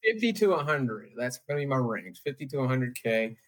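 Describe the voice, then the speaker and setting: A man's voice: mid-range voice, big pitch swings, fairly quick. A man appearing as a comedian guest in a casual comedic chat, upbeat and loose, often repeating words while he thinks.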